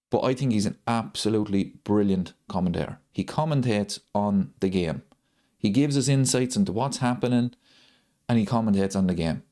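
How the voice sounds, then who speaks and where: A man's voice: lowish voice, warm tone. A man hosting a live football watchalong, ranting and repeating his points for emphasis. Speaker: host of a football watchalong channel. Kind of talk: live stream chat.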